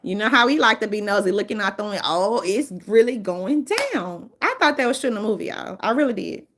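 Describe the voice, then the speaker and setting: A woman with a New Orleans accent hosting a casual, profane storytelling monologue, brash and animated. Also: mid-range voice, rapid-fire. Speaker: host.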